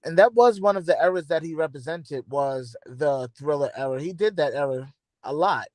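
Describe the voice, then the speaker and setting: A chatty man hosting a live podcast, reading comments as they roll in and laughing easily. His voice sits a bit high for a man, and the sound is dry and close. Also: lively intonation, moderate pace, a little mellow, dry recording. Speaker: podcast host. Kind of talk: casual podcast chat.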